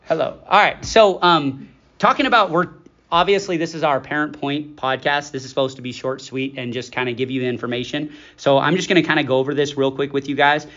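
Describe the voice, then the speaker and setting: A man's voice: on the high side, brisk, a bit bright. Upbeat man hosting a school podcast. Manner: upbeat, talkative, many ums. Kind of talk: casual podcast chat. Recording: dull lo-fi sound.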